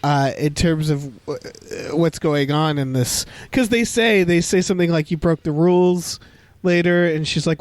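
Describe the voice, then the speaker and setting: A man's voice: fairly high pitch, moderate pace, no echo. A man co-hosting a casual film podcast, talking in a wry, joking way and swearing freely. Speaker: podcast co-host.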